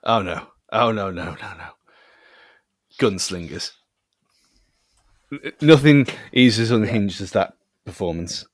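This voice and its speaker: A man's voice: on the low side, slow pace, pauses often, dry recording, studio quality. A man co-hosting a casual podcast, rambling and self-mocking and often trailing off mid-thought. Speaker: podcast co-host.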